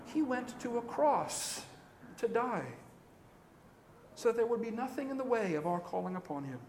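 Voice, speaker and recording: A man preaching a sermon as rector, with an earnest rising and falling cadence and a slow, solemn way of reading a prayer aloud. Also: very high-pitched, a little hiss or hum. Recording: long hall reverb.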